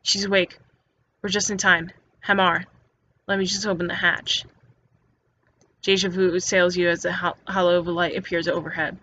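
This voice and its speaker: A woman's voice: lowish voice, flat delivery, normal speed, long pauses, fairly bright tone, slight background noise. A woman reading an interactive story game aloud in second person, stumbling and restarting words often. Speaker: narrator. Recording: dull lo-fi recording with faint music.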